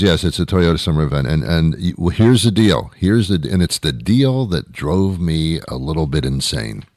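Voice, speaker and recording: A man hosting a show, delivering a rambling comedic monologue with deadpan, mock-outraged asides. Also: sits low, no echo, studio quality. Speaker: show host.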